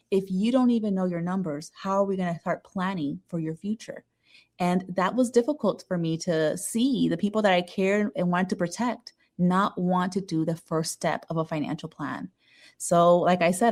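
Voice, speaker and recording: A woman's voice: medium pitch, a little mellow. A woman being interviewed as an author on a podcast, speaking in an earnest, emphatic way. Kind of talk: casual interview.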